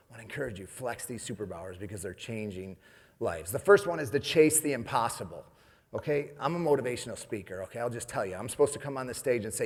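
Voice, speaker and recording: A man's voice: medium pitch, breathy edge. A man from New York giving a comedic motivational keynote on stage, chatty and jokey, often asking the audience "right?". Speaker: motivational speaker. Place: event stage in a large hall. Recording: long reverb of a large hall.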